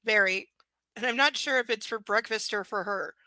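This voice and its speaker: A woman reading the lines of a controlling, possessive young male billionaire in a calm, clipped, faintly smug way. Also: medium pitch, normal speed, no echo, rough recording. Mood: cool possessive.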